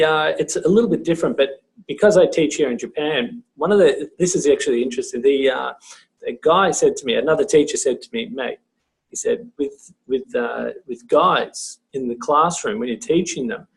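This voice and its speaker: A teacher chatting on a podcast, animatedly acting out classroom dialogue in shifting voices. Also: male voice, normal speed, creaky. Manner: animated, acts out dialogue in high and low voices. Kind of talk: casual chat.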